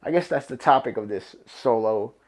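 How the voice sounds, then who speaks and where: A man's voice: mid-range voice, expressive, normal speed. A young man with a New York accent, hosting a solo podcast in a loose, rambling, profane, emphatic way. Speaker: podcast host. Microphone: camera and podcast mic.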